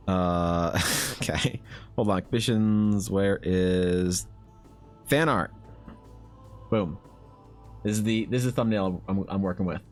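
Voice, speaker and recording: A man with a Canadian accent chatting on a live art stream, excitable and swearing, mock-exasperated at his chat. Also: lowish voice. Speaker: artist streamer. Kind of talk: casual livestream chat while drawing.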